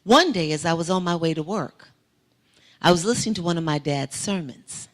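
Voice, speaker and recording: A woman's voice: fairly low pitch, moderate pace. A woman giving a testimony sermon in a church, telling a vivid story that swells into emphatic preaching. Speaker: guest speaker. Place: church sanctuary.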